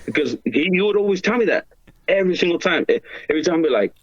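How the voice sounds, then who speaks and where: A man's voice: on the high side, expressive, fast, dry recording, lo-fi sound. A man talking as a podcast guest in casual chat, rambling and profane, with lots of filler words and slang.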